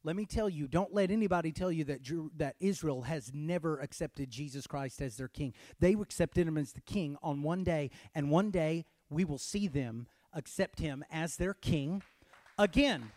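A man preaching a sermon in church, calling on the congregation to shout and swinging from hushed lines to loud ones. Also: a little high, normal speed, no echo. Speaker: pastor.

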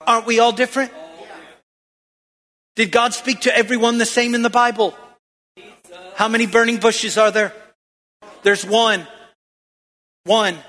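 A man's voice: very high-pitched, steady tone, measured pace, pauses often, sharp tone, in a large hall. A male pastor preaching a sermon in a church, throwing questions out to the congregation and calling for answers.

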